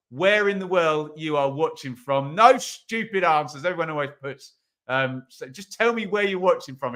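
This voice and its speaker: A man hosting a live football watch-along from his home office, chatting casually and reading out viewers' messages. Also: on the high side. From England. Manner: chatty, reads out viewer comments, bursts into loud calls. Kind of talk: live stream chat and commentary.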